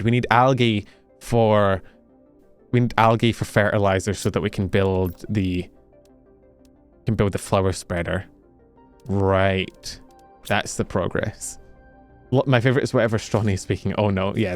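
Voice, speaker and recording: Young streamer from the UK, self-mocking rambler, low voice, light music underneath. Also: male voice. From United Kingdom. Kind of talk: casual chat while gaming.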